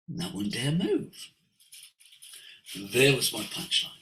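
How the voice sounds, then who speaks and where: Older man, lively voice coach in a roomy space. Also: on the high side, slow pace, long pauses, a little hiss or hum. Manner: expressive, with big swings between hushed and exclaiming. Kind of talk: animated storytelling. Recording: roomy echo.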